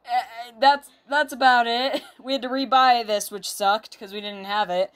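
A woman's voice: on the high side, fairly even intonation, unhurried, a bit bright, smooth. A woman hosting a casual let's-play, talking through the game in a chatty, upbeat way and reading on-screen text aloud, with a child beside her at home. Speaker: gaming channel host.

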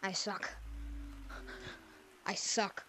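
Extremely slow and very noisy, this clip has a woman gaming video creator offering goofy, playful commentary on her gameplay through a headset mic, veering from mumbles under her breath to squeals.

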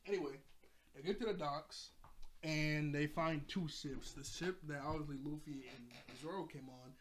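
A man's voice: a little high, moderate pace, a little hiss or hum. A young man reviewing an anime episode at home, rambling casually, laughing often and repeating himself. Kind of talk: casual chat. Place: home room, seated in a chair.

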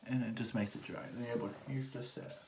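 A beauty vlogger walks through a casual makeup tutorial, chatty and theatrical, at a fast clip with a medium-pitched, steady voice. She swings from loud exclamations of dismay to soft whispered asides, and there's a faint hiss behind her.

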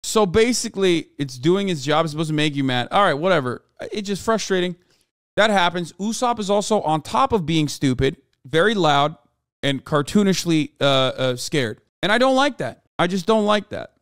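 A man rants to his live chat in a high, clear voice, animated and exasperated, swearing freely. The sound is close and dry, with no room echo. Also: moderate pace. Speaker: live streamer. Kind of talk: casual rant to live chat.

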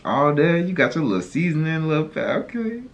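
A vlogger from North Carolina, with a North Carolina accent, reacting loudly and excitedly to cooking videos, often exclaiming and breaking into song. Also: mid-range voice, brisk, muffled recording. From North Carolina, USA. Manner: loud, exclaiming, breaks into singing and shouts.

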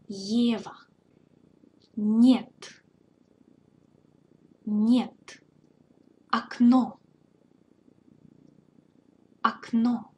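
A woman tutor teaching a beginner language lesson, reading each example word aloud twice in a slow, deliberate way. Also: on the high side, a little hiss or hum.

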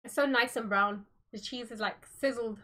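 A woman banters in a dry, teasing way during a casual cooking chat. Her voice is high and bright. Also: normal speed. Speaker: streamer's sister.

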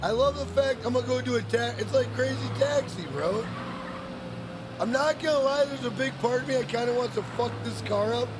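A young man streaming a game, cursing and ranting at the characters in loose, rambling talk. His voice is very high for a man. Steady noise sits under his commentary. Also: fairly quick. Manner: profane, hot-tempered, rambling. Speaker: gaming streamer. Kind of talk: casual let's play commentary.

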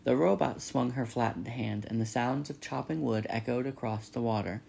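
A man's voice: medium pitch, normal speed, creaky, a little hiss or hum. A man reading a children's novel aloud, narrating steadily. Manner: steady storytelling. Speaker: reader.

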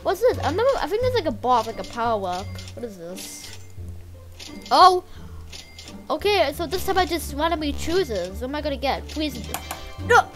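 A woman casually commenting while playing a game, rambling and excitable with lots of filler words. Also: high voice, brisk, hardly any pauses, faint music behind. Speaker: gameplay channel host.

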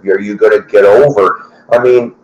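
Deep-voiced middle-aged guy rambling about stuff, lots of uh and you know, echoey room. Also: steady tone, normal speed, lo-fi sound, a little hiss or hum. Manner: rambling, conversational, many fillers and restarts. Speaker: host. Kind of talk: casual chat. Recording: roomy echo.

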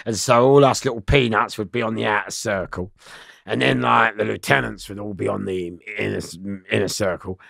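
A middle-aged man, telling prison stories loudly in an interview. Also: lowish voice, brisk, gravelly, no echo, clean studio sound. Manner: loud, lively, laughing storyteller. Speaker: interview guest. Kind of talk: storytelling in an interview.

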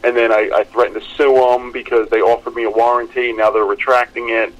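Animated, laughing man telling stories. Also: medium pitch, brisk, lo-fi sound. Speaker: podcast co-host. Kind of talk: casual chat.

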